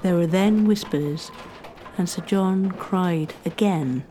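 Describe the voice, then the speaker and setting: Female history narrator, mellow tone, measured scripted storytelling, faint noise behind. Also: fairly low pitch.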